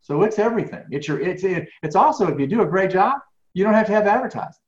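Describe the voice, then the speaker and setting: A man who is a professional speaker, telling a lively story in a podcast interview and acting out the dialogue. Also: high-pitched, quick pace. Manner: animated, acts out dialogue. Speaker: guest speaker. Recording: roomy, dull lo-fi sound.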